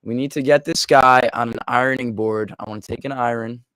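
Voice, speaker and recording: Excitable young man, dry close sound. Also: mid-range voice, clear, resonant tone, no room sound. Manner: excitable, swearing, quoting himself in quick asides. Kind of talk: casual chat.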